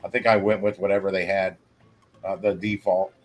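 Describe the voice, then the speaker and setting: A man hosting a casual livestream, rambling along with halting restarts. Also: low voice, level tone, slight background noise. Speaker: livestream host.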